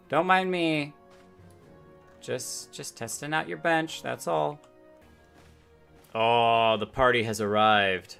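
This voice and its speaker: A man's voice: medium pitch, very animated, a little slow, gravelly, pauses often, fairly bright tone. A man giving chatty, playful commentary over a game he is playing. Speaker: game streamer. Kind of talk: let's play commentary. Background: game music.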